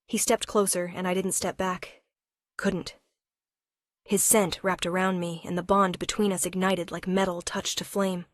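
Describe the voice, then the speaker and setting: Female storyteller for a romance tale. Low, flat, measured, dry recording. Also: dry recording. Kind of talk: first-person romance story narration.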